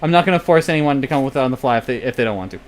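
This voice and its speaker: A man's voice: mid-range voice, expressive, very fast, rough recording. A man hosting and running a tabletop role-play as storyteller, easygoing and joking. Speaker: storyteller, game master. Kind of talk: casual chat hosting a tabletop game.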